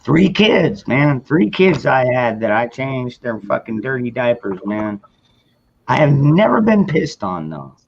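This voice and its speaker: A man chatting on a casual podcast, blunt and quick to swear. His voice is gravelly, and the recording sounds dull and lo-fi. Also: mid-range voice, sing-song, a little hiss or hum. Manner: blunt, profane. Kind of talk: casual chat.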